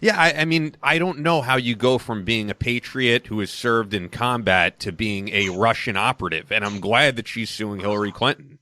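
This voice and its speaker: A man's voice: lowish voice, moderate pace, hardly any pauses, pushed and bright, dry recording. A man hosting a podcast, asking chatty, leading interview questions. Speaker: podcast host.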